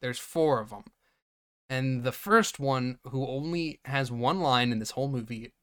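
A man's voice: mid-range voice, clear, resonant tone. A man co-hosting a podcast, casually recapping a movie and acting out its characters' lines with frequent laughter. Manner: animated retelling, acting out lines, laughing often. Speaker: podcast co-host.

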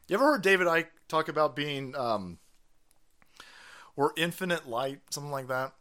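A man's voice: fairly high pitch, moderate pace, long pauses. A man hosting a live stream, ranting casually and profanely between viewer chats and laughing often. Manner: animated, foul-mouthed, laughs often.

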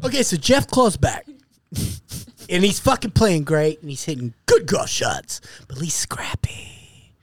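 A middle-aged man telling a golf story in casual banter, animated and profane, acting out what others said. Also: high voice, unhurried, no room sound. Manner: animated, profane, acts out quotes. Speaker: podcast co-host.

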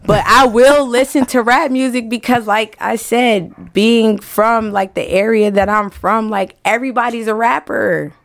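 Woman guest, slow drawl, blunt and slangy, dry studio sound. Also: a little high, steady tone, gravelly, no room sound. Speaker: music event promoter and artist manager. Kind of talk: casual podcast interview.

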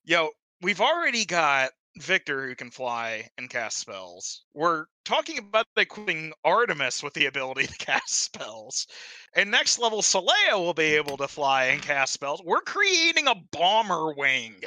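Excitable player with a bright voice. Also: medium pitch, moderate pace, dry recording, poor audio. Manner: excitable, laughing often. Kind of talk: casual chat.

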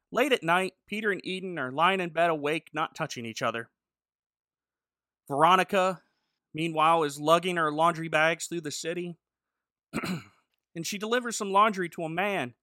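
A man's voice: fairly high pitch, moderate pace, pauses often, bright, forceful tone, no echo, clean studio sound. A man co-hosting a podcast, recapping a TV episode in a sarcastic, jokey way. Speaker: podcast co-host. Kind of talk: casual chat recapping a TV episode.

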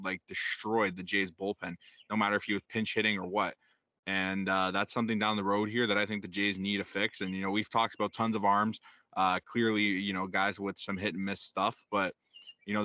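Guy cohosting a sports podcast, low flat voice but bright, dry close sound, rambles w lots of fillers. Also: no echo. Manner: rambling, many fillers like "you know". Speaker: podcast co-host. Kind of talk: casual sports talk.

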